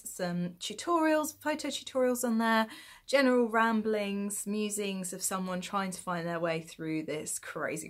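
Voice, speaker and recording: A woman's voice: medium pitch, fairly bright tone. A woman from the United Kingdom hosting her own podcast in a chatty, self-mocking way, laughing often. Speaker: podcast host. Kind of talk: casual chat.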